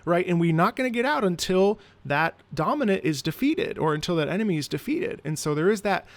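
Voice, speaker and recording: A man with a high, light speaking voice talks through a piece of music with animated, analytical enthusiasm. He speaks as an opera singer in a music reaction commentary. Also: fairly quick. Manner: animated and analytical, breaks into sung demonstrations.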